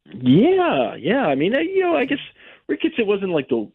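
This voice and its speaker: A man calling in as a guest on a sports radio show, animated and wry. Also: high-pitched, normal speed, husky, no room sound. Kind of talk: casual sports radio chat. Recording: phone line.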